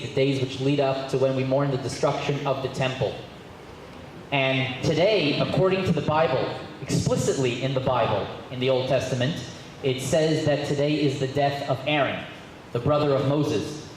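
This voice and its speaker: Rabbi moderator in a very echoey hall. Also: male voice, mid-range voice, normal speed. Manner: genial, repeats phrases, occasional restarts. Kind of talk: public address, opening remarks. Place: synagogue hall. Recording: very echoey hall with faint noise.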